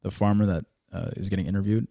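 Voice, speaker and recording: A man with a low, dark voice, talking in a loose, excited way and swearing freely. He drops into Spanish phrases mid-sentence. The sound is dry and close. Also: fast talker, creaky, no room sound. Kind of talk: casual chat.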